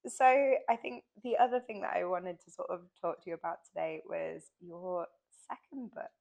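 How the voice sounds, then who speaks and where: A woman interviewing an author for the publisher, chatty and relaxed, laughing now and then. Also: fairly low pitch, moderate pace, gravelly. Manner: chatty, many fillers and restarts, laughs. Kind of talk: casual interview chat.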